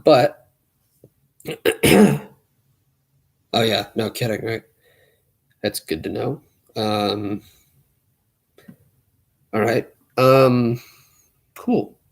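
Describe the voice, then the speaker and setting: A young man with a gravelly edge to his voice talks casually on a live stream. He rambles and rushes his words until he runs short of breath. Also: on the low side.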